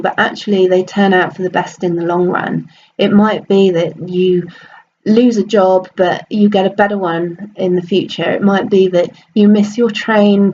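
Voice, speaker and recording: An upbeat woman telling a story in a casual, chatty way, with ums and restarts along the way. Her voice sits at a middle pitch. The recording is slightly dull, with a faint hiss of noise behind her. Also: a little mellow. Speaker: storyteller and host.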